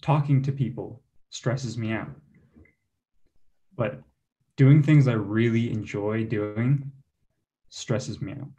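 A man's voice: mid-range voice, takes it slowly, long pauses, mellow, muffled recording. A young man doing a self-deprecating stand-up comedy set for an online show, chuckling between his jokes. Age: young adult. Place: online show, home setup.

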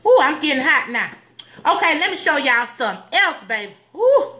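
A woman's voice: high voice, sing-song, fairly quick, sharp tone. A woman giving playful, sassy, preachy advice in a comedic skit, recorded indoors at home. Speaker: comedic church advice host.

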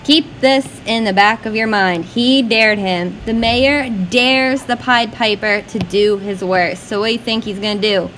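A woman teacher annotating a poem for her class in a lively, chatty way, asking questions as she goes. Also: fairly high pitch, unhurried, few pauses, soft background music, poor audio.

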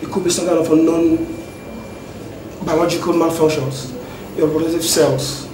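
An actor playing an apologetic doctor who explains a diagnosis in a measured way. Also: male voice, fairly high pitch, little pitch movement, roomy sound, recorded from a distance, noisy background, lightly acted. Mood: explaining. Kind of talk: Nollywood film acting.

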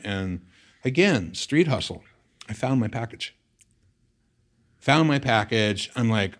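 In an interview, a middle-aged guest from the San Fernando Valley, California, tells a lively story. He dramatizes old conversations, with his voice making big jumps upward in excitement.

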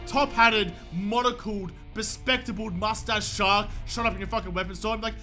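A young man giving excitable gameplay commentary, swearing often and breaking into shouts when thrilled. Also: high voice, moderate pace, few pauses, faint music behind. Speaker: gaming video host.

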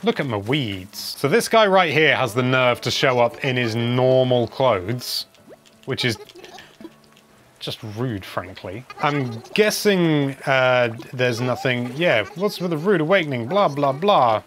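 A man's voice: mid-range voice, expressive, takes it slowly, a bit bright. A man giving casual, wry commentary over gameplay, chatting and humming as he plays. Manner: wry, chatty, hums while playing. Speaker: game video presenter.

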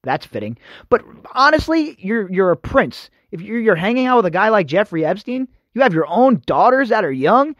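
A man's voice: high-pitched, big pitch swings, moderate pace, fairly bright tone, dry recording, dull audio. A man hosting a podcast, ranting indignantly in opinionated news commentary and addressing his listeners as folks. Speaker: podcast host.

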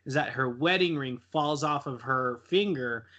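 A man's voice: mid-range voice, moderate pace, pushed and bright, lo-fi sound. A young man on a casual podcast, retelling a horror film in a rambling, profane way and laughing often. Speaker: podcast co-host.

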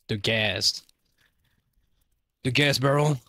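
A man's voice: mid-range voice, animated, measured pace, fairly bright tone, dry recording. A man streaming a driving game, commenting loosely and with swearing as he thinks aloud. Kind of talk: casual gameplay commentary.

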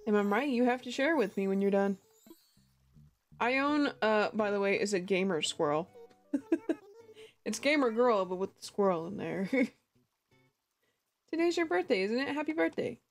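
This woman speaks at medium pitch and normal speed, pausing often, with faint music in the background. She's a streamer playing a cozy life-sim game, giggling a lot, greeting her chat and chatting casually.

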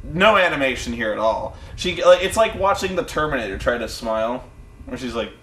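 A man chatting casually as a podcast host, animated and profane. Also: fairly quick, reverberant, a little hiss or hum. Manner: animated, profane, mimics people with loud high voices. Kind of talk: casual chat.

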